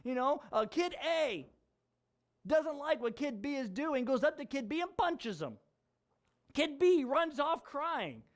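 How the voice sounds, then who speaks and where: Man, pastor, high voice, conversational sermon, jokey asides. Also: very animated, measured pace. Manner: chatty, jokey asides with laughter.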